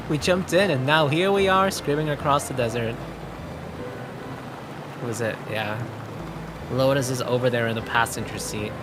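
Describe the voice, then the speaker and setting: A man's voice: mid-range voice, background noise. A young man streaming a video game, chatting casually and emotionally and swearing freely. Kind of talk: casual gameplay chat. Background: game music.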